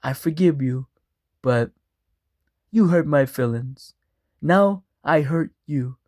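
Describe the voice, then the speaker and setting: A man voicing a touchy, vengeful talking motorhome computer that speaks slowly and primly while threatening its passengers. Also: on the high side, expressive, a little mellow, no echo, clean studio sound. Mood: menacing. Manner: slow, prim and threatening.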